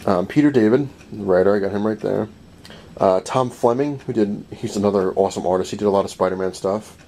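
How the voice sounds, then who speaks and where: A man casually telling a long story about a comic convention, animated and rambling, often acting out what people said to him, with laughs along the way. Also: fairly low pitch, brisk, slight background noise. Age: adult, married. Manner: rambling, animated retelling with many "he's like" quotes and laughs. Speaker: comic collector vlogger. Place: home room full of comic collectibles.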